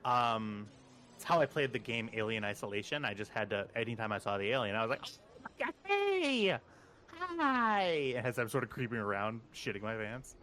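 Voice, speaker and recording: A man acting as game master, chatting casually and telling rambling, animated stories before narrating the game. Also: quick pace, a little hiss or hum. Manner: animated rambling storyteller, squeaky high voice for quotes.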